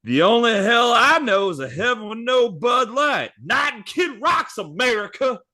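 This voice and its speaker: A man voicing a dim, crude, beer-obsessed redneck character in a high, excitable comic voice. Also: normal speed, full character voice. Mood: goofy.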